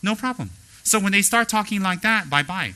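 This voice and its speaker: A man teaching as a spiritual teacher, blunt and straightforward, animated as he acts out the people he talks about. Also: sits high, a little fast, clear, resonant tone, low-quality recording. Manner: animated, mimics people in quoted asides. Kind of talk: dharma talk.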